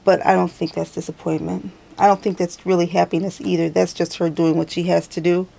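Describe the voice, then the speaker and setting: A woman's voice: lowish voice, flat delivery, brisk, creaky, warm tone. A woman giving a casual tarot reading to her viewers, chatty and thinking aloud as she goes, often correcting herself. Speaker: tarot reader.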